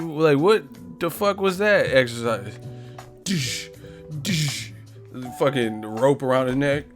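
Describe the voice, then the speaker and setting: A young man chats on a live boxing stream in a drawn-out, unhurried way, cursing freely and breaking into laughter as he mocks what he talks about. Faint music plays behind him. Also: medium pitch, lively intonation. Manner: loud, laughing, profane, mocking, mimics others. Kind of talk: casual live-stream chat.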